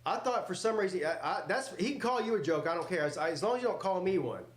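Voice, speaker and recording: Loud and joking, a man hosting a live football reaction stream swears freely and engages his chat with casual commentary. His voice sits high, with lively intonation and fast delivery, and it sounds reverberant.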